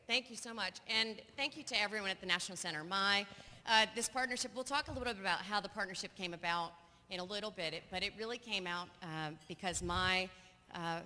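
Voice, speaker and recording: A woman's voice: medium pitch, bright, forceful tone. A woman speaking as a guest at a conference, friendly and conversational with some hesitations. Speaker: guest speaker, senior director. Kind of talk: conference talk. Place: large conference hall. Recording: long hall reverb.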